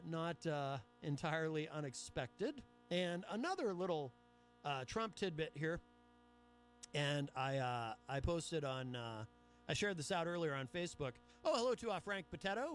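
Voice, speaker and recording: A man's voice: fairly high pitch, animated, moderate pace, faint music behind. A man hosting a talk radio show, reading news aloud with chatty, sarcastic asides. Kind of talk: solo talk radio commentary.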